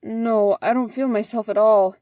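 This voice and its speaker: A woman voicing a fussy, indignant older male official who complains loudly. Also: fairly high pitch, moderate pace, no echo, studio quality, natural voice. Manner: huffy and complaining.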